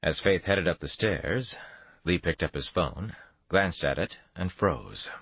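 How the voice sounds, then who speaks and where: A male audiobook narrator with a very deep, husky voice. He reads in a steady, dramatic manner. The recording is dry and somewhat dull. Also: a little slow, no echo. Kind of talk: scripted narration.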